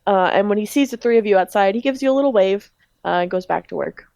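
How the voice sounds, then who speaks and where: A woman's voice: mid-range voice, fast talker, vocal fry, a little mellow, dry recording. A woman game master narrating a tabletop role-playing game in a casual way, with plenty of ums and likes.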